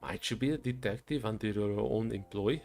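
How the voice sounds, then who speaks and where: A man voicing a suave male private detective with a put-on French accent, courtly and measured. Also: fairly low pitch, creaky, a little mellow, soft background music.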